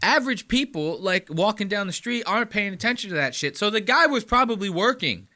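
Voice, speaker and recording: A man's voice: sits high, animated, brisk, sharp tone. A man hosting a podcast, reacting to clips with profane, incredulous rants. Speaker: podcast host.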